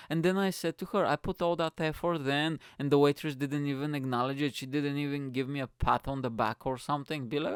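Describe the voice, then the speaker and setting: A young man from Bulgaria hosting his own podcast, telling rambling stories in an animated, tangent-jumping way and swearing often. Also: mid-range voice, brisk, clear, resonant tone, no echo, clean studio sound. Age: young adult. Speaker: podcast host. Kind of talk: casual storytelling rant.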